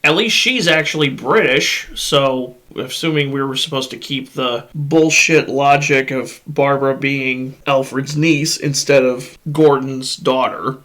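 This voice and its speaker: Bright-voiced man ranting bluntly. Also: mid-range voice, unhurried, hardly any pauses. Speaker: podcast host. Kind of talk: casual movie discussion. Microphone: USB podcast microphone.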